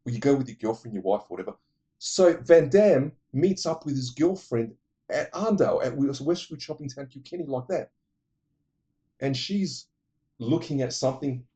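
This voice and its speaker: A man casually retelling movie plots in an animated way, adding vocal sound effects. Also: mid-range voice, moderate pace. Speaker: movie reviewer.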